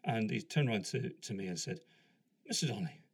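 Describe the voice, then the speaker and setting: Gravelly-voiced man telling a rambling story. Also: on the low side, fairly quick. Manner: rambling, self-deprecating, acts out the other people in his story. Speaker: podcast host. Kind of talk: casual storytelling monologue.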